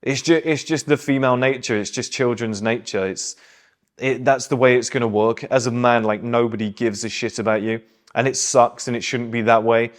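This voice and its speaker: A young man speaks in a blunt, emphatic, preachy way, like a motivational host lecturing his audience. His voice sits at an ordinary middle pitch. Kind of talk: motivational monologue.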